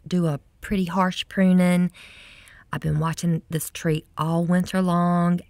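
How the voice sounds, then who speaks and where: A woman vlogging in her garden outdoors, chatty and excitable, cooing sweetly at her pets. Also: on the low side, no room sound. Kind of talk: casual vlog narration.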